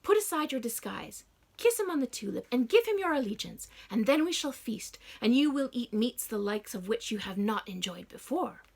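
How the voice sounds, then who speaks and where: A genteel lady gone mad coaxes in a lilting sing-song, as a woman reader puts her on. Her voice climbs high and swoops about. The edges are a touch gravelly. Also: sing-song, moderate pace. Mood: coaxing.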